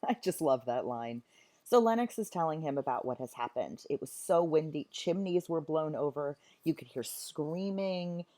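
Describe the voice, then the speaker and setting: A woman's voice: sits low, lively intonation, moderate pace, mellow. A woman teacher explaining a play in a chatty, enthusiastic way. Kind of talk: recorded literature lesson.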